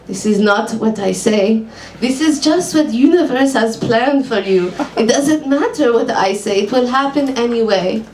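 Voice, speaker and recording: A woman's voice: on the high side, measured pace, a little mellow. A woman voicing a brusque older female psychic with a put-on Hebrew accent and clipped broken grammar. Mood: stern. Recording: echoey room, far mic, faint hum.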